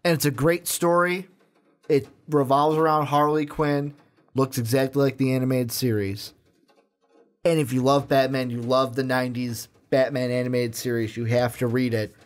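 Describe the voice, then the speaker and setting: A man's voice: medium pitch, little pitch movement, normal speed. A man co-hosting a casual chat, talking earnestly and emphatically and repeating his points. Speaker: co-host.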